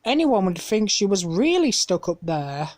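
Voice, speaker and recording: A woman's voice: medium pitch, sing-song, normal speed, a little mellow, dry recording, clean studio sound, lightly acted. A woman voicing an eager young boy playmate in a storybook reading.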